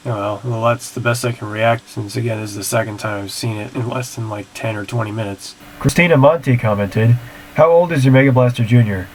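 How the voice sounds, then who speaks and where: A man's voice: medium pitch, brisk. Man, casual Q&A video talk, technical, rambling, faint background hiss. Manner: matter-of-fact, technical, rambling. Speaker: siren-hobby video creator. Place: home, screen recording.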